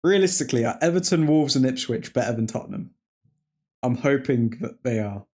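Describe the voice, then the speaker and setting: A man's voice: medium pitch, lively intonation, fairly quick, darkish tone. Joking man hosting a football stream. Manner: rambling and jokey, laughing often, mock French phrases. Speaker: watchalong stream host. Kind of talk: casual live-stream chat.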